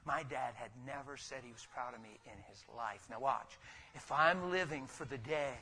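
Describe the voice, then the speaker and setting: A man preaching an impassioned sermon in church. He swings from loud exhortation to near whispers and piles up repeated phrases. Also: mid-range voice, moderate pace. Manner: repetitive rhetorical build-ups.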